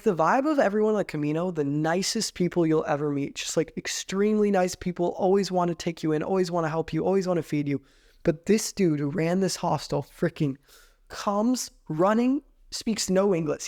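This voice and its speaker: Animated young man telling a story. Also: high-pitched, moderate pace. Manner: animated, heavy use of "like". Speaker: podcast host. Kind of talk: casual storytelling.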